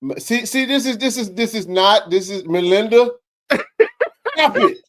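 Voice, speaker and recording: A man hosting a casual sports talk show, joking and bantering in slangy, animated talk. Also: high voice, normal speed, noisy background.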